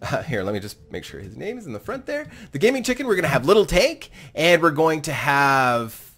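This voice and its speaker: Hosting a fan game tournament, this gaming YouTuber keeps up lively, chatty commentary on the matches, laughing self-deprecatingly along the way. He speaks a bit fast in a fairly high-pitched voice.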